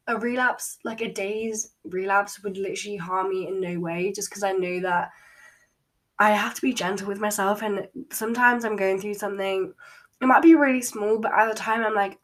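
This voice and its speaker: A woman's voice: mid-range voice, recorded from a distance. Candid young woman podcasting from bed. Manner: candid, chatty, filler-heavy. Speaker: podcast host. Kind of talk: personal solo podcast chat. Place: in her bedroom.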